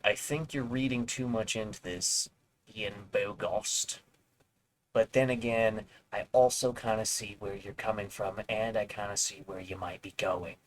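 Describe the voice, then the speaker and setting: A man's voice: on the low side, little pitch movement, moderate pace, few pauses, slight background noise, rough recording. A male streamer reading an article aloud with rambling, sarcastic asides. He swears now and then and trips over words as he reads. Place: home streaming setup.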